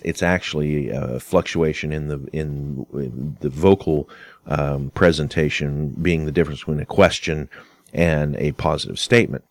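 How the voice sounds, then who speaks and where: A man explaining arguments in a casual spoken lecture, unhurried and explanatory. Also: a bass voice, no room sound. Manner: unhurried, explanatory, acts out quoted dialogue. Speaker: instructor on arguments and fallacies.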